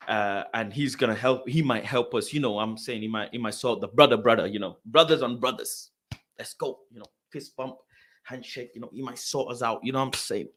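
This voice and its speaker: Slangy young man ranting. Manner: animated, slangy, swings from loud exasperation to low grumbling. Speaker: host. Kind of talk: casual storytelling rant.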